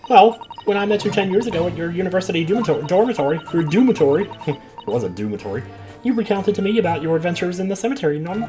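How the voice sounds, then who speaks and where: A man putting on a high French-tinged lady. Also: animated, fast talker, over music. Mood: affected. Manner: high put-on voice with French exclamations. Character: flustered middle-aged woman, French-tinged, theatrical.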